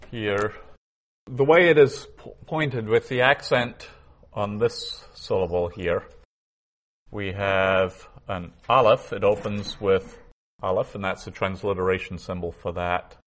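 A man with a very deep voice teaches a grammar lesson at an unhurried pace. He explains patiently and methodically, stopping to restart his sentences as he works through each point. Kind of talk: biblical Hebrew lesson.

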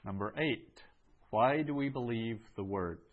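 A man teaching a Greek class, going over answers in a slow, measured way with many ums and uhs. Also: medium pitch, narrow, tinny audio.

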